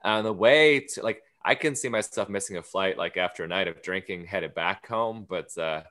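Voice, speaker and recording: A man telling a long, animated travel story on a podcast, acting out the lines of the people in it. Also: sits low, normal speed. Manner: storytelling, acts out quoted lines. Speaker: guest comedian. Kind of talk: casual anecdote on a podcast.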